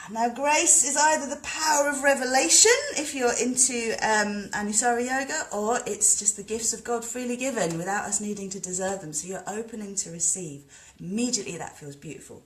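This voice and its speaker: A woman, a spiritual teacher, talking in a rambling, animated way on a live stream and leading a guided meditation. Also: mid-range voice, fairly quick. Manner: animated, rambling, greets viewers. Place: indoors by the sea.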